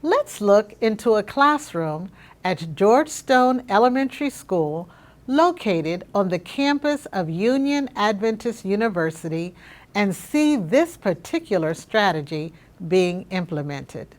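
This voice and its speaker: Slow woman narrating with lively pitch. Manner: measured, explanatory. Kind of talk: scripted narration.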